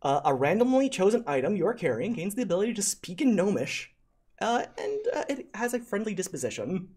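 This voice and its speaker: A game master narrating a tabletop game on a live stream, talking haltingly with many fillers and thanking donors. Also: medium pitch, big pitch swings, a little mellow, breathy edge.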